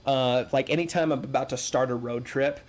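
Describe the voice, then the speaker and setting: A man's voice: medium pitch, a little fast. A man hosting a casual fan chat, joking around and talking with enthusiasm. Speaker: host.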